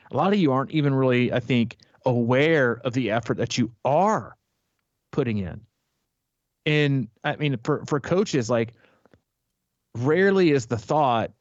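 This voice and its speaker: A man's voice: mid-range voice, no room sound, lo-fi sound. A man coaching triathletes as a podcast host, talking casually and rambling with many fillers and restarts.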